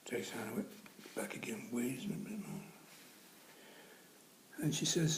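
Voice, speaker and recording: A man's voice: fairly high pitch, huge pitch swings, normal speed, pauses often, a little mellow, roomy sound, low-quality recording. A man telling comic anecdotes in a dry style, often dropping to a near-whisper. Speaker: comedian. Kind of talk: comic storytelling.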